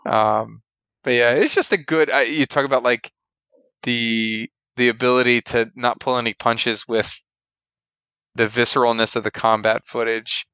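A man's voice: medium pitch, fairly even intonation, measured pace, clean tone, dry recording. A man hosting a casual conversation, talking with enthusiasm and chuckles. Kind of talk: casual conversation about a war film. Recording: slightly dull, dry sound.

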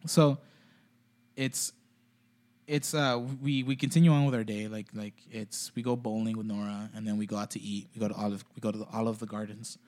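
Male guest, talks fast, rambling and profane, casual podcast chat. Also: lowish voice, fairly even intonation, a little mellow. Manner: rambling, heavy swearing, many "like" fillers.

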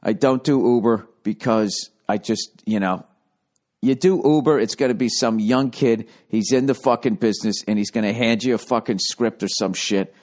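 Man, solo podcast host, lowish voice, profane rambling storyteller, quick mocking impressions. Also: darkish tone. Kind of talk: casual storytelling monologue.

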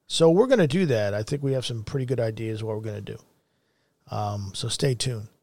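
A man's voice: fairly low pitch, brisk, a little mellow, no room sound. A middle-aged man hosting a commentary show, ranting in a blunt, profane and heated way. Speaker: show host.

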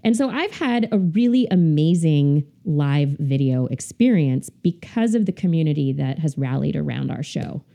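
A woman with a mellow, low-set voice speaks as a podcast guest. She sounds relaxed and thoughtful, with a few hesitations. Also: moderate pace, vocal fry, hardly any pauses. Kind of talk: casual chat.

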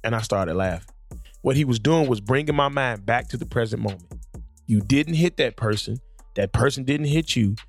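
A man's voice: medium pitch, lively intonation, moderate pace, soft background music. A man hosting a podcast, animatedly telling stories in casual chat at a studio microphone, often repeating words as he starts sentences. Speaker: podcast host. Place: studio, sitting across from a guest.

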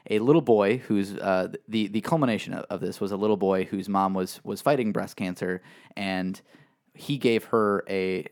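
A podcast co-host rambles casually with lots of fillers and restarts, in a lowish, slightly mellow voice at a moderate pace.

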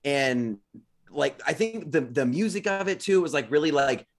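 A man in his thirties talking on a casual podcast. His voice sits a little high, and his speech wanders, with many fillers and restarts. He is reflective and unhurried. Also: lively intonation. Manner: rambling storyteller, many fillers like "like". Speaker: podcast co-host. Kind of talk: casual chat.

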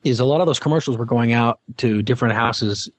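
A middle-aged man tells stories as a guest in a casual interview. His voice sits at a medium pitch and sounds dry and close. He rambles and restarts often. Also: brisk, no echo. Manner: rambling, many fillers and restarts. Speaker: guest, former game show host.

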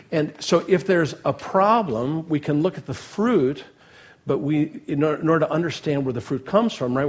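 A man's voice: medium pitch, a little mellow, dull audio. A middle-aged man preaching a sermon in an earnest way, asking his listeners questions and leaning hard on key words. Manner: earnest, asks the audience questions, builds emphasis on key words.

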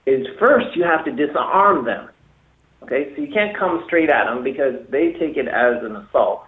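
On a talk show, a dating coach with a slightly high, expressive voice gives forceful advice at a moderate pace, repeating points and acting out sample lines. The recording has an echoey, tinny, phone-like quality.

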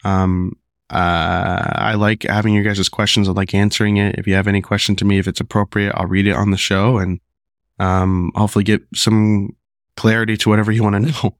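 A deep-voiced man hosting his podcast while sick, his voice rough. He rambles casually with many ums and restarts. The sound is dry and close. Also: flat delivery, brisk, dry recording. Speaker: podcast host. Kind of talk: casual solo podcast talk.

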